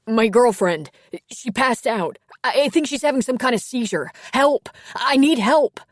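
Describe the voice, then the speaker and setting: A woman's voice: mid-range voice, lively intonation, moderate pace, dry recording, clean studio sound. A woman voicing a seventeen-year-old boy who stammers and speaks frantically. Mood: panicked.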